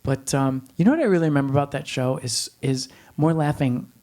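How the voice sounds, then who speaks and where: A man's voice: mid-range voice, a little fast, darkish tone. Hesitant male guest reminiscing. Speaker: guest performer. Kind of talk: casual chat.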